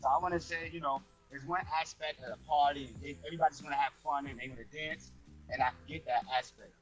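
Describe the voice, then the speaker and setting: A man in a casual discussion who talks in a measured way, thinking aloud with plenty of fillers. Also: fairly high pitch, steady tone, faint music behind, low-quality recording. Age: younger than the other speakers.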